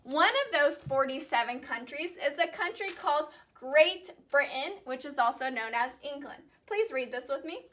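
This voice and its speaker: A woman teacher leading a call-and-repeat classroom lesson, saying each vocabulary word slowly and clearly and then repeating it. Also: high-pitched, lively intonation, a bit bright. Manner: slow, clearly enunciated drilling of vocabulary.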